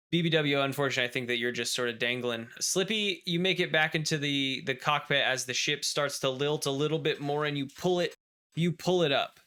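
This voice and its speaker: Bright, crisp man running a tabletop game. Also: mid-range voice. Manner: lively narration with frequent restarts. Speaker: game master.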